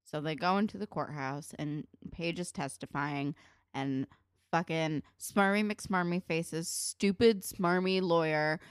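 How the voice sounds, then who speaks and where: A woman's voice: deep voice, measured pace, clean tone, no room sound, studio quality. A woman in her twenties co-hosting a podcast, talking casually and bluntly with plenty of swearing and "like". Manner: animated, blunt, swearing, lots of "like". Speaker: podcast co-host recapping a TV episode. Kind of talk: casual chat.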